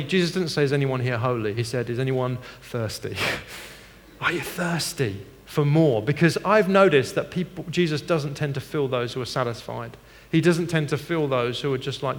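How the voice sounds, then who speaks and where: Middle-aged man, pastor's sermon, hushed to lively, long hall echo. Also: on the high side, moderate pace. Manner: animated storytelling with laughs and shifts from hushed to loud.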